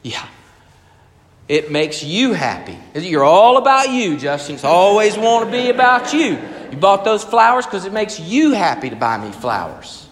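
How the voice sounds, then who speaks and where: A man's voice: high-pitched, big pitch swings, normal speed, hardly any pauses, sharp tone, pitched above the performer's own voice, full character voice. A man preaching, mimicking a teasing, accusing wife in a raised, needling tone. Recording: echoey hall with long reverb.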